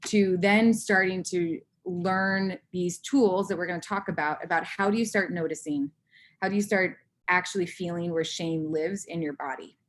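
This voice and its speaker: A woman in her thirties giving a candid personal talk to an audience, acting out her own inner voice in lively bursts. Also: fairly low pitch, normal speed. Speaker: conference speaker.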